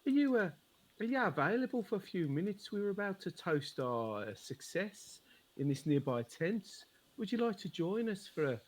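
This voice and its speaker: An actor playing a rough, chummy con man who talks bluntly and schemes for money. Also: high voice, sing-song, moderate pace. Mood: scheming.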